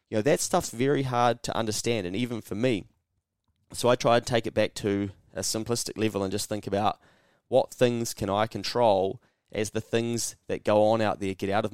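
A New Zealand man talks through his solo podcast in a blunt, sarcastic, sweary way, slipping into mock dialogues as he goes. His voice sits a little low. The sound is dry and close, with no room around it. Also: fairly even intonation, moderate pace, smooth, no echo. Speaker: podcast host. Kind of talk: casual solo podcast monologue.

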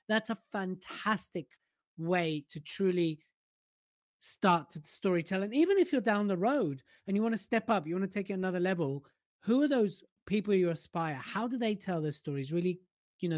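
A man's voice: high voice, a little mellow. A man co-hosts a casual conversation about public speaking, giving advice in an easygoing, playfully teasing way. His voice is recorded close, with a dry sound and no room echo. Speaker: podcast co-host. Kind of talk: casual coaching chat.

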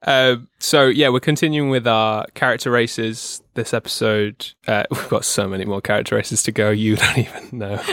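A man's voice: fairly low pitch, steady tone, normal speed, hardly any pauses, fairly bright tone, no echo, studio quality. A man hosting a casual chat as a dungeon master, playful and teasing, laughing often.

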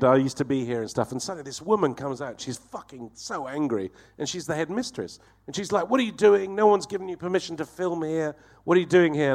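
A man telling a profane, animated comic anecdote as a guest on a talk show, acting out the voices in his story. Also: mid-range voice.

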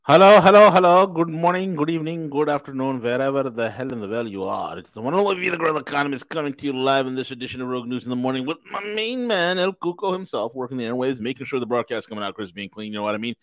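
A man's voice: medium pitch, expressive, fast, hardly any pauses, fairly bright tone, no room sound. Boisterous, profane male podcast host. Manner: boisterous, profane, rambling banter. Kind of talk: casual political talk show.

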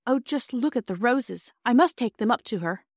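A woman's voice: fairly high pitch, lively intonation, moderate pace, a little mellow, dry recording, clean studio sound, voice pushed up. A woman voicing a cheerful, hopeful older girl in a storybook reading. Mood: hopeful eager.

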